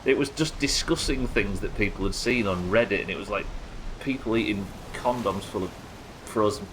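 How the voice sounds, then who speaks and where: A man's voice: on the low side, brisk, background noise. A man chatting casually while streaming a game, crude and joking, laughing often. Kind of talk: casual live-stream chat.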